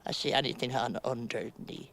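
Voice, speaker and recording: An actress playing Winnie, a rambling middle-aged woman trapped in a mound, in a halting theatrical monologue that sinks to near-whispers. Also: very deep voice, steady tone, fairly bright tone. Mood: wistful. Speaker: stage actress.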